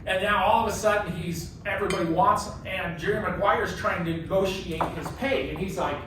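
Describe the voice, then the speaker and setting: A man running a casual real estate training workshop, animated and joking, often asking "right?". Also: high voice, brisk. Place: classroom with a group. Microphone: phone camera from across the room. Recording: very echoey room, distant, faint hiss.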